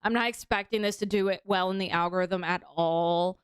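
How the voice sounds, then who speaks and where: A woman's voice: lowish voice, fairly even intonation, fairly quick, smooth, no echo. A young woman streaming casual reaction commentary, talking in a chatty, mocking way with lots of fillers.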